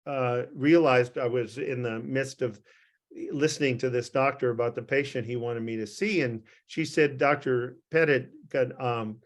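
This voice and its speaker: An older man recounts a story from his years as a doctor, speaking over a video call to a small group. His voice sits at an average pitch. He rambles and restarts often, chuckling at his own expense. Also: moderate pace. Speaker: physician. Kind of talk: anecdote told to a group on a call.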